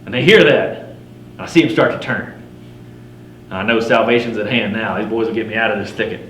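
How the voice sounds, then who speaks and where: In a roomy recording with faint hum, a living history storyteller lightly acts a braggart frontier mountain man: a grizzled fur trapper recounting tall tales firsthand by the campfire. His fairly low, slightly bright voice moves fairly quickly in a folksy drawl with rough frontier grammar. He's wry and swaggering, chuckling at his yarns.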